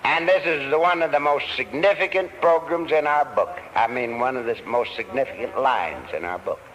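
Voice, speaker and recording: A man speaking at a recovery meeting, telling his story in an earnest, deliberate way. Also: medium pitch, a bit bright. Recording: old lo-fi tape recording.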